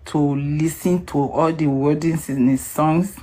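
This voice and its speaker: Nigerian woman caller, emotional, low unhurried voice, mellow tone; sings partway. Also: fairly even intonation. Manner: emotional, sings a song in Yoruba. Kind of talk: emotional call-in speech with singing.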